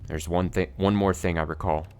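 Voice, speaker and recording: A man voicing a brooding, weary young male defendant in a game, recounting events in a flat, somber way. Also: sits low, moderate pace, natural voice.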